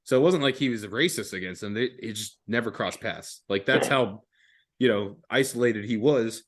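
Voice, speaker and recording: Young man, podcast host, casual storytelling, swears a lot, slang, lowish voice. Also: normal speed. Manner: laid-back, profane, laughs often, fillers like "dude" and "man".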